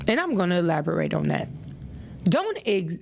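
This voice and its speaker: A woman's voice: lowish voice, big pitch swings, moderate pace, creaky, a little mellow. A woman hosting a podcast who gives relationship advice in a casual monologue. She talks in a preachy, emphatic way, repeats her points and uses plenty of "you know". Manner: conversational, peppered with "you know". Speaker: podcast host.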